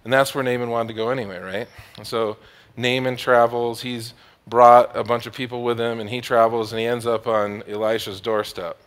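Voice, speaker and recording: A man's voice: mid-range voice, flat delivery, moderate pace, smooth. A man preaching a sermon, retelling a Bible story in a casual, joking way. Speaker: pastor.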